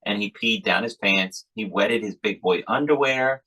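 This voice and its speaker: A man's voice: on the low side, normal speed, pushed and bright, rough recording. A man hosting a podcast, chatting casually and telling a rambling story about his family. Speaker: podcast host. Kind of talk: casual chat.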